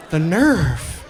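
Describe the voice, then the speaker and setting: A male stand-up comedian from Canada doing a set in a comedy club, deadpan and self-deprecating, with loud punchlines. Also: very high-pitched.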